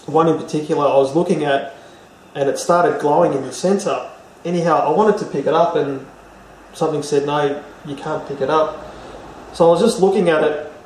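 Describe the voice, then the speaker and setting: A man appearing as an interview guest tells a personal story in a casual, rambling way, full of fillers and restarts. His voice is on the high side with a darkish tone, and there's a little hiss or hum. The recording sounds roomy, with a distant mic and faint ambience.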